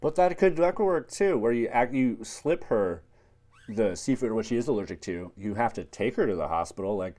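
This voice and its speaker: A man co-hosting a comedy podcast, giving rambling deadpan advice in improvised chat. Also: mid-range voice, a little fast.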